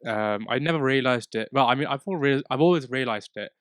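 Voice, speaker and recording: A man's voice: mid-range voice, brisk, no echo. A man hosting a podcast interview, asking questions hesitantly with restarts and fillers. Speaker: podcast host. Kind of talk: casual interview chat.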